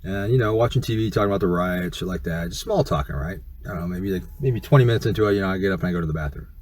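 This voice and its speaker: Brief: fast-talking middle-aged man, low husky voice, profane rambling storyteller. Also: a little mellow. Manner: rambling, profane, many fillers. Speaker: YouTuber. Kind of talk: casual storytelling.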